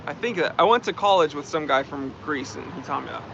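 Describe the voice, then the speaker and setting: A man's voice: on the high side, expressive, fast, vocal fry, fairly bright tone, a little hiss or hum. A man hosting a casual live stream, chatting and reading out and thanking viewer comments. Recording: dull lo-fi stream audio.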